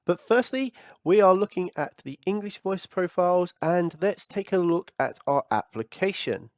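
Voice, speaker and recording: A man hosting a tech tutorial, explaining step by step in a clear, instructive manner. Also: high voice, animated, moderate pace, dry recording. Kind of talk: software tutorial walkthrough.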